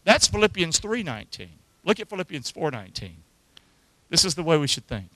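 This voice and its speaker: Bright-voiced, dramatic male preacher. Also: fairly high pitch, brisk, dry recording, low-quality recording. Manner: calls for congregation responses, animated preaching. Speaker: pastor. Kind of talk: sermon.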